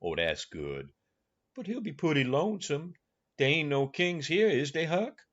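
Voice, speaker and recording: A man's voice: fairly high pitch, big pitch swings, a little slow, muffled recording, pitched above the performer's own voice. Guy doing a stubborn southern country man, thick drawl, swings up and down a lot. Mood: earnest. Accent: Southern US rural dialect. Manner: drawling, dialect-heavy, dogged. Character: uneducated older man, stubborn and earnest in argument.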